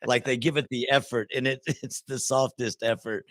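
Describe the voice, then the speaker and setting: A man's voice: medium pitch, steady tone, moderate pace, fairly bright tone, no echo. Laughing man chiming in on sports chat. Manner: laughs often and chimes in with short agreement. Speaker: sports talk co-host.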